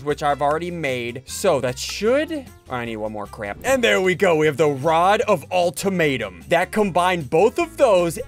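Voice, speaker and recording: A man hosting a video game playthrough, chatting excitedly and playfully taunting the creatures he fights. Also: high-pitched. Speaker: gaming video host. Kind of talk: Let's Play commentary.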